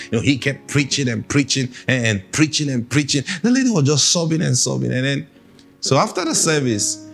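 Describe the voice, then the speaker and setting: A man's voice: medium pitch, creaky. A man preaching a sermon, emphatic and repeating phrases for stress.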